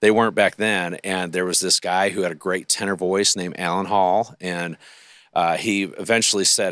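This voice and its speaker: Man, 50s, singer guest, very low voice, dry close sound, earnest storyteller. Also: fairly even intonation, fairly bright tone, no room sound. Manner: earnest, unhurried, with many fillers. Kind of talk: interview storytelling.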